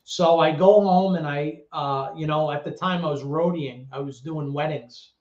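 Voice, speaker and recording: A middle-aged man from the Bronx, New York, a former actor and DJ, tells stories as an interview guest with animated, streetwise energy, imitating other people's voices and swearing freely. His voice is a little high for a man, at normal speed. The recording is roomy, echoey, dull and lo-fi.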